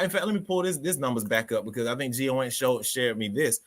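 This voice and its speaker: A man's voice: mid-range voice, fast, a bit bright. A man hosting a live stream, reading chat comments and ranting with passion, repeating words as he talks. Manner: passionate ranting, repeats himself, calls listeners dog. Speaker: livestream host.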